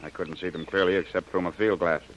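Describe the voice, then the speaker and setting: An actor playing a watchful outpost scout who reports in a quick, sure, matter-of-fact way, in a 1930s radio drama style. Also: male voice, low voice, steady tone, muffled recording, a little hiss or hum, natural voice. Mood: reporting.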